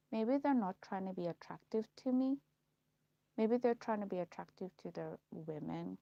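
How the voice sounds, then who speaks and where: Gravelly-voiced woman ranting. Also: mid-range voice, moderate pace, dark tone, no room sound, dull audio. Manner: rambling and repetitive, circling back on her words. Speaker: vlogger. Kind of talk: casual rant to camera.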